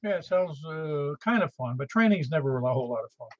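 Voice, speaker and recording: A man's voice: a little high, animated, brisk, no echo. A man hosting a ham radio net in a chatty, easygoing way. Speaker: net control host. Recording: muffled radio audio.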